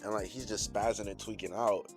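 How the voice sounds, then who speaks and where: Young male host, deep low voice, loose profane slangy recap delivery. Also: steady tone, fairly quick, over music. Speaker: channel host recapping an anime episode. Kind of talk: casual recap commentary.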